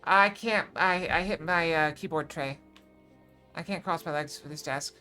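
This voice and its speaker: A chatty woman streamer talks over a game from her desk, rambling and joking about herself. Her voice sits a little low but bright, with game music faint behind her. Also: normal speed. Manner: chatty, self-mocking, rambling. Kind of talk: casual live game commentary. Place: at a desk at home.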